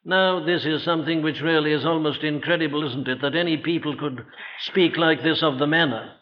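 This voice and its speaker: A man's evening church sermon comes through in dull, lo-fi old audio. His voice is a bit high and his intonation fairly level; earnest and rhetorical, he questions the listeners directly and lingers on key phrases.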